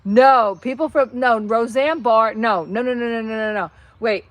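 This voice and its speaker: A middle-aged woman with a New Jersey accent, hosting a casual live stream and reacting excitedly to viewer comments. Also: on the high side, a little slow, no echo. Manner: chatty, excitable, reads viewer comments aloud. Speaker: channel host.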